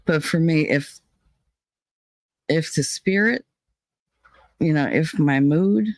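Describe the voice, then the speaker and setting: Woman, gravelly voice, casual rambling chat, swears often, shaky and dizzy, close dry mic. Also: sits low, slow pace, darkish tone, no room sound. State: dizzy, shaky after a panic attack. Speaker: streamer chatting with viewers. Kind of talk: casual live-stream chat.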